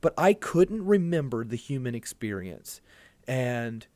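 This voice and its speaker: A man's voice: mid-range voice, sing-song, a little slow, warm tone, no room sound. A man telling a long personal story as a podcast guest, earnest and rambling, often restarting his sentences. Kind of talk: casual conversation.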